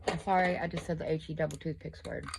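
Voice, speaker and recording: A woman in her fifties, a crochet and makeup vlogger, rambles chattily while doing her makeup at home, often poking fun at herself. She talks fast in a low, creaky voice with a steady tone, over slight background noise.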